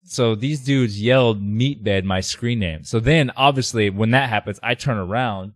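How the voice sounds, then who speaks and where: Animated low-voiced man telling a story. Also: moderate pace, no room sound, clean studio sound. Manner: animated, shouts heckles in quoted voices, many fillers. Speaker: podcast guest. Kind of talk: casual storytelling.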